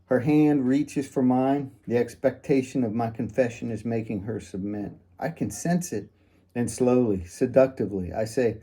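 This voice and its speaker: Wry, mellow-voiced male narrator. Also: medium pitch, normal speed, slightly rough. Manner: wry, sardonic. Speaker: audiobook narrator. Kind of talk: first-person fiction narration.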